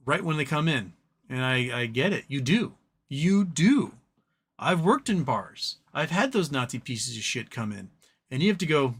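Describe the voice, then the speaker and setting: Reading chat comments aloud on his livestream, a man with a slightly high, fairly bright voice rambles and rants. His opinions come out laced with profanity.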